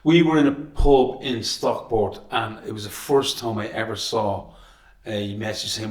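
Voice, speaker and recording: A man's voice: fairly low pitch, fairly even intonation, measured pace, a little mellow. A man, the show's producer, chiming in with dry remarks during a casual chat. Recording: echoey, from far off the mic.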